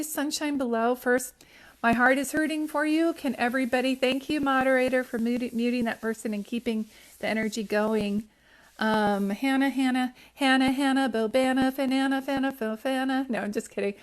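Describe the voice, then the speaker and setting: Giving psychic readings to viewers on a live stream, a woman talks casually into her phone. Her slightly high voice carries affectionate, rambling talk full of restarts and pet names such as sweetie pie and sunshine.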